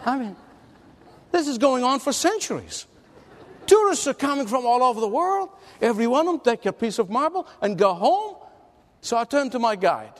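High-voiced man preaching in a reverberant hall. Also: sing-song, normal speed. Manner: emphatic storytelling with rhetorical questions. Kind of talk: sermon.

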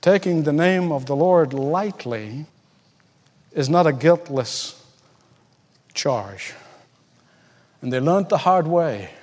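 High-voiced preacher in a big echoing hall. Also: male voice. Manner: impassioned, swings from loud and high to hushed. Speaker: pastor. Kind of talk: sermon.

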